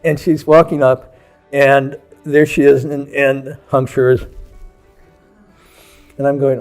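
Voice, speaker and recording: A man's voice: medium pitch, moderate pace, darkish tone, faint music behind. A man who is a Buddhist monk, telling a story from his past and acting out the people in it. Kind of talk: storytelling talk.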